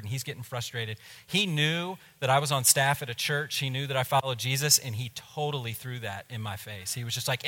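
A man, a pastor, telling a personal story in a sermon, animated and dropping to a hush at tense moments. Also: medium pitch, brisk, hardly any pauses, big-room sound.

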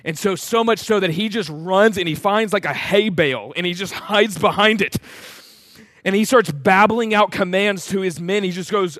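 A man with a fairly high voice tells a story in an earnest, halting way, full of filler sounds. The recording is close and dry, with no room sound. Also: a bit bright, dry recording. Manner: earnest, hesitant, frequent "uh" fillers. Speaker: speaker. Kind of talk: storytelling illustration.

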